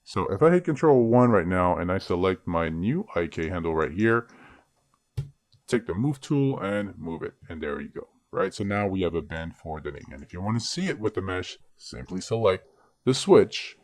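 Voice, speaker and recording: A man's voice: deep voice, no echo, studio quality. A man teaching 3D character rigging in a screen-recorded tutorial, chatty and joking at himself as he works. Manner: chatty, self-joking asides. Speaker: 3D rigging instructor.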